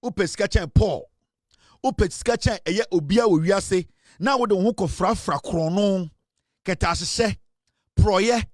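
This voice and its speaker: A man's voice: high voice, a little slow, dry recording, studio quality. A man with a Ghanaian accent giving passionate, emphatic political commentary, switching between English and Twi.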